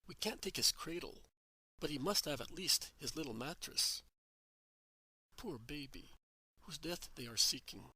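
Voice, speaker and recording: A man voicing Joseph, a gentle, devoted middle-aged husband, speaking with calm, earnest reassurance in a devotional story reading. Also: fairly high pitch, a little slow, long pauses, breathy edge, no echo, exaggerated voice, low-quality recording. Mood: reassuring.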